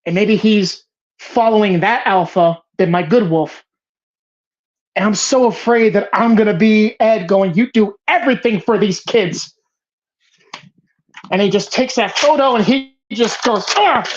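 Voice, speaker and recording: Passionate and profane, the host of a movie bracket show rambles through casual film talk, restarting her thoughts as she gushes emphatically. She speaks at a measured pace in an ordinary middle pitch. The sound is lo-fi and a little muffled.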